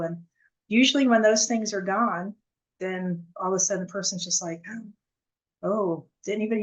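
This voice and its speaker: A woman as an interview guest, telling her story earnestly in a halting, casual way with many restarts. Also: mid-range voice, low-quality recording.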